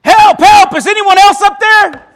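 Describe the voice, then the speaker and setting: A man voicing a desperate man clinging to a branch on a cliff, panicked and shouting for help. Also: extremely high pitch, very animated, moderate pace, voice pushed up, full character voice.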